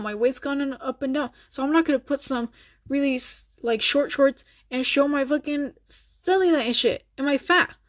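A young woman rants on her own show in a slightly high voice. She is blunt and foul-mouthed, mocking her listeners in loose, casual talk. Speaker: podcast host. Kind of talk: ranting casual monologue.

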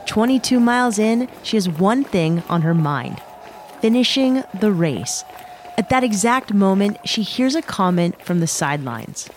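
A woman's voice: medium pitch, animated, unhurried, slight background noise. A woman hosting a podcast, reading an upbeat scripted intro and setting up the guest's story. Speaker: podcast host.

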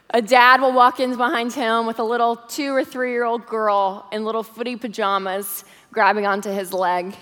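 A woman's voice: fairly high pitch, fairly bright tone. A woman guest speaker telling a vivid, heartfelt story as part of a sermon in a large church auditorium. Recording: long hall reverb.

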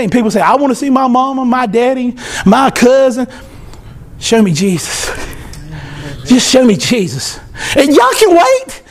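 A man preaching a sermon as pastor, animated, swinging from loud to soft. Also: extremely high pitch, creaky.

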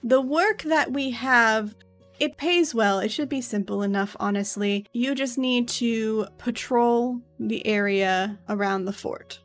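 A woman's voice: a little high, takes it slowly. Tired orc captain, as a woman narrator plays him, polite, dutiful, faint music. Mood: weary, polite. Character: weary male orc fort captain, dutiful.

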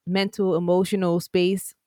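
A woman co-hosting a casual podcast, with wry quick reactions and easygoing commentary. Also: lowish voice, flat delivery, warm tone, no echo, studio quality. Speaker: podcast co-host. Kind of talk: casual chat.

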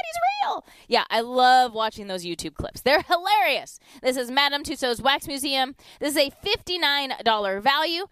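Woman radio deal host, upbeat sales patter, smooth higher voice, dry close sound. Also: fairly bright tone, no room sound. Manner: chatty upbeat sales pitch, repeats phone number slowly. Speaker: radio shopping show host. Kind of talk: live radio deal segment with callers.

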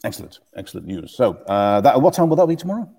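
A man's voice: mid-range voice, fast, creaky, slightly rough. A man hosting a podcast in casual, jokey chat. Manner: jokey, animated, breaks into playful voices. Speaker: podcast host.

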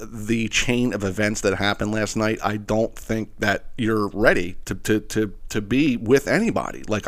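A podcast host delivers a casual storytelling monologue, a rambling and profane tale packed with restarts and fillers. He acts out the other people's lines in squealed voices, going especially high and squealy for the woman.

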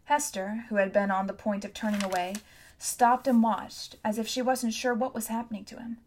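A woman narrating a novel for an audiobook in a measured, even storytelling manner. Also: fairly high pitch, slight background noise.

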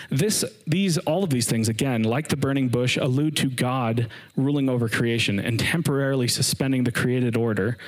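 A man's voice: mid-range voice, rough recording. A man giving a casual, earnest sermon, retelling scripture with slang asides. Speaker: preacher.

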